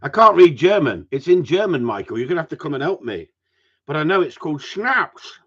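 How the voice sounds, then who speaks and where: A man's voice: a little high, very animated, a little fast, a bit bright, husky. A man, a gundog trainer, chatting casually with viewers outdoors in the cold, reading their comments and joking as he rambles. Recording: muffled lo-fi sound.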